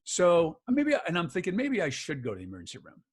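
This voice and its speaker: Animated male storyteller, fairly high voice. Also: quick pace, breathy edge. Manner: animated storyteller who acts out the other people's lines. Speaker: guest, author and voice actor. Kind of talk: telling a personal story in an interview.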